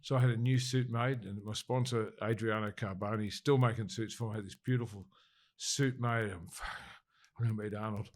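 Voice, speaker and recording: A man with a lowish voice tells a story as a podcast guest. He talks casually and with energy, and he swears freely. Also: fairly even intonation, normal speed. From Australia.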